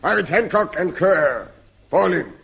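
An actor playing a stern, French-speaking military officer who barks clipped orders, in a 1950s radio comedy. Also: male voice, mid-range voice, sing-song, moderate pace, noisy background. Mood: barking. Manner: clipped commands, shouts orders. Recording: dull old radio recording.

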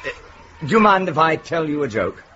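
Pompous male teacher, earnest, fussy, swooping pitch, lo-fi TV sound. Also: very animated, fairly quick, bright, forceful tone. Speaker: schoolteacher. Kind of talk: television comedy-drama acting. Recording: dull lo-fi TV sound, faint hiss.

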